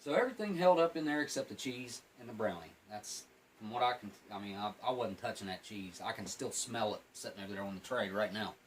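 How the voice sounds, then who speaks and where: A man's voice: lowish voice, lively intonation, fast, a little hiss or hum, poor audio. A plain-spoken man giving a casual, rambling food review while eating and smoking, sometimes talking with his mouth full. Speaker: MRE reviewer.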